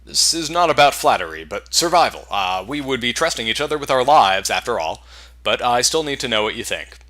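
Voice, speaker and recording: A man's voice: medium pitch, big pitch swings, a little fast, bright, forceful tone. A man voicing a cautious male scout in a fantasy game, speaking in terse, urgent warnings. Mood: earnest. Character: wary male human scout, grim and cautious.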